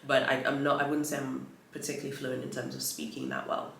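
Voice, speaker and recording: A woman recounts a story to her vlog camera in a loose, chatty way, full of fillers and restarts. Her voice carries a gravelly fry. The room adds a noticeable echo over a faint hum of ambience. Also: rumbling low, sing-song, quick pace, fairly bright tone. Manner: chatty, rambling retelling with many fillers. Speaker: vlogger. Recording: roomy echo.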